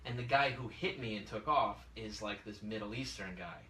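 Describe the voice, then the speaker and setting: A man telling a story in casual podcast chat, animated and acting out the people in it. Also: on the low side, normal speed, recorded from a distance, noisy background. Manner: animated, acts out quoted voices. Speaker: podcast host. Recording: echoey room, away from the mic.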